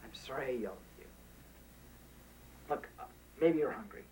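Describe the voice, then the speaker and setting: A young male actor playing a teenage boy, a high school senior overwhelmed as a new father, pleading and near tears in a 1980s TV drama. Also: normal speed, a little mellow, close to an everyday voice. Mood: frustrated. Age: teens. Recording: hissy old TV film audio.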